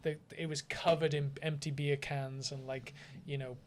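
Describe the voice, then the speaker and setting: A man's voice: a little high, normal speed, slight background noise. A man, co-hosting a podcast and telling stories with lots of swearing and laughter. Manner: animated anecdote-telling, swearing, often laughing. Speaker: podcast co-host. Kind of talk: casual chat.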